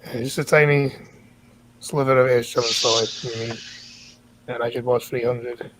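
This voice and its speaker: Scottish guy in his 20s, streamer, dry offhand banter, mid-pitched voice. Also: steady tone, normal speed, pauses often, fairly bright tone, a little hiss or hum, poor audio.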